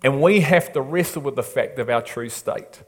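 A man's voice: mid-range voice, moderate pace. Preaching man in a reverberant hall. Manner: emphatic preaching that drops to a hushed, soft delivery. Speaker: pastor. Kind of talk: sermon.

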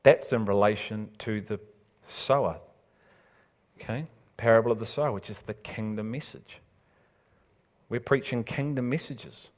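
A man's voice: fairly low pitch, a little slow, long pauses, darkish tone. A man preaching a sermon, urging and imploring his listeners with repeated phrases and casual asides. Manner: impassioned, urging, repetitive emphasis.

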